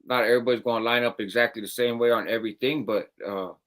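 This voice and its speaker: A man's voice: medium pitch, steady tone, fast, a bit bright. A man co-hosting a live podcast, talking in a loose, laid-back, rambling way and chuckling often. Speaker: podcast co-host. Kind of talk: casual live podcast chat.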